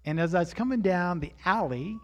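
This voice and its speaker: Male preacher, high voice, lively storyteller who bursts into shouts. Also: brisk. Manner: animated storyteller, rising to shouts at high points.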